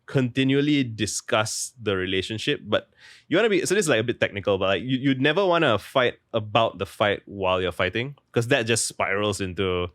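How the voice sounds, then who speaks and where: A man's voice: fairly low pitch, lively intonation, fairly quick, a bit bright, no echo, studio quality. A young man talking casually as an interview guest, rambling and full of "like" fillers. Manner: rambling, heavy use of "like", restarts mid-thought. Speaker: guest author.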